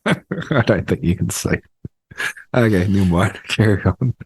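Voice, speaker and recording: A man co-hosting a podcast over a remote call, cracking deadpan absurd jokes with lots of fillers. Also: lowish voice, takes it slowly, slight background noise. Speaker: podcast co-host. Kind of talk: casual podcast banter.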